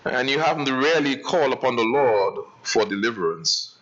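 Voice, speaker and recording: A male pastor preaching a sermon dramatically, swinging from raised passages to hushed ones. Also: medium pitch, expressive, moderate pace. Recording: dull lo-fi church livestream.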